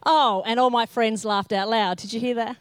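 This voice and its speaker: A woman's voice: on the high side, moderate pace, smooth, no echo. A middle-aged woman preaching a sermon, telling self-mocking stories and acting out the scenes. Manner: self-mocking humorous storytelling; animated, acts out scenes in character. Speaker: pastor.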